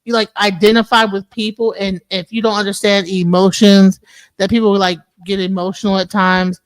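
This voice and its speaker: A woman's voice: mid-range voice, little pitch movement, moderate pace, dry recording. A woman on an open panel, arguing heatedly, repeating herself and swearing, calling the other man bro and sir. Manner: emphatic, repetitive, swears freely, says bro and sir. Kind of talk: heated argument.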